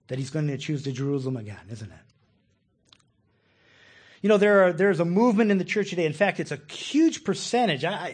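A man's voice: a little high, husky. A man preaching a sermon as a pastor, emphatic and asking questions of his listeners. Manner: emphatic, asks questions of the congregation.

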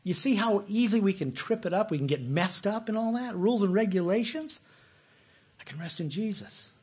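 A man teaching a sermon in a loose, talky way, full of asides and questions for the room. His voice sits a little high for a man and has a husky grain. The delivery is lively and informal. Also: normal speed. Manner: conversational, animated, often asks listeners questions. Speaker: pastor.

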